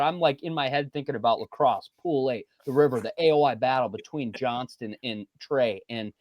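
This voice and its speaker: A man's voice: mid-range voice, moderate pace, few pauses, no room sound. A man tells a story on a podcast with plenty of energy. He acts out other people's lines and laughs between them. His voice sits mid-range and the mic is close and dry. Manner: animated storyteller, acts out quotes, laughs often. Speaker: podcast co-host. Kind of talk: casual podcast banter.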